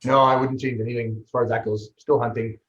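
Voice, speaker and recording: Man telling a race story, roomy sound. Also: medium pitch. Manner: lively, fast storytelling with many restarts. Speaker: guest, ultraman athlete and trainer. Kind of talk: storytelling in an interview. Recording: roomy, slightly dull sound.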